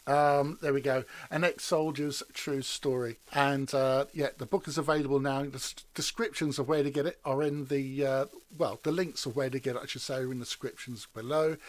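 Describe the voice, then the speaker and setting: A man hosting a casual interview, enthusiastically promoting his guest's book to viewers. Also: fairly high pitch. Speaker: interview host. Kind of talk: casual online interview chat.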